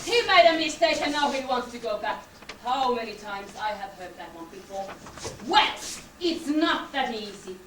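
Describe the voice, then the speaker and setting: A woman's voice: fairly high pitch, animated, normal speed, fairly bright tone, slight background noise. A woman playing a stubborn, bureaucratic talking door on stage, heard from far off in an echoey hall. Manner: blunt, dismissive, bureaucratic. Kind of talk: stage acting. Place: theatre stage.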